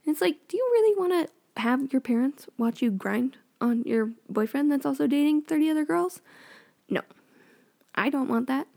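A woman's voice: sits high, animated, normal speed, vocal fry, darkish tone. A young woman chatting casually and sarcastically as a vlogger recapping a TV show, full of opinions. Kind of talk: casual chat.

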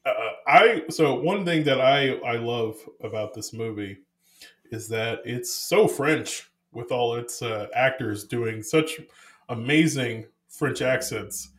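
A man co-hosting a casual movie chat, rambling and full of "like", quick to laugh. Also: medium pitch, fairly bright tone.

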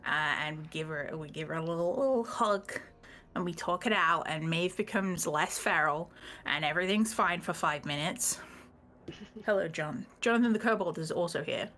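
Bright, chatty woman recapping a game. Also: on the low side, moderate pace, a little hiss or hum. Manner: chatty, swears freely, laughs often. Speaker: tabletop game player recapping the last session. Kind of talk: casual live-stream chat.

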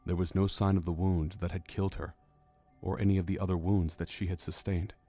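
A man narrates a fantasy audiobook in a deep, dark-toned voice. His delivery is measured and descriptive, like scripted storytelling. Soft music plays faintly behind him. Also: flat delivery.

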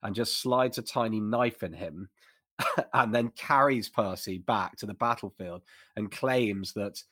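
A man's voice: fairly low pitch, unhurried, bright, forceful tone, dry recording, studio quality. A man co-hosting a casual discussion, talking eagerly in bursts with frequent restarts. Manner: enthusiastic, talks in bursts with restarts. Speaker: podcast co-host.

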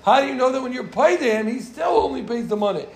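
A man with a high voice leads a relaxed Talmud class, going over each point twice and teasing his students along the way. The room around him is echoey. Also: fast, vocal fry. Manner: repeats phrases, joking asides to students. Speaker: Talmud teacher. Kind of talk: casual Gemara class teaching.

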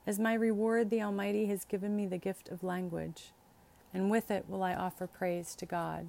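A woman reading scripture and canticles aloud in a measured, steady liturgical style. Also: medium pitch, gravelly. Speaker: scripture reader.

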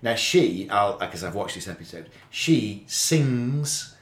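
A man's voice: fairly low pitch, lively intonation, takes it slowly. Rambling, swearing man in roomy echo. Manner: rambling, joking, swears freely. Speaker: podcast host. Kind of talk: casual watch-along chat.

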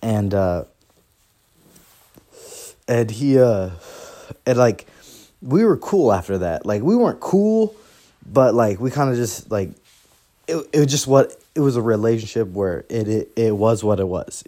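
A man's voice: lowish voice, measured pace, long pauses, mellow. A young man hosting a podcast, telling a story in a casual, rambling, profane way and laughing as he goes. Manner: profane, rambling, laughs through his stories. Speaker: podcast host.

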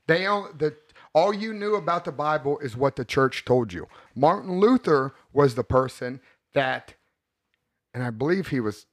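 Brash male podcast host with a slightly high voice; crude, rambling, quick to laugh. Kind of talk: casual podcast chat.

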